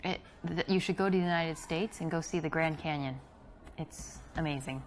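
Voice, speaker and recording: A woman's voice: sits low, brisk, close to an everyday voice. An actress playing a polite woman on a first date in a video game, giving short answers. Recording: chatter of a crowd behind. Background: crowd chatter.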